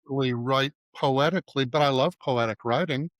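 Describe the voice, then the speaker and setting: A man's voice: medium pitch, brisk, no room sound. A middle-aged man, an advertising writer, telling stories in a casual interview and acting out bits of dialogue. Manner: anecdotal, acts out dialogue in quotes. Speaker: guest, advertising writer and creative director.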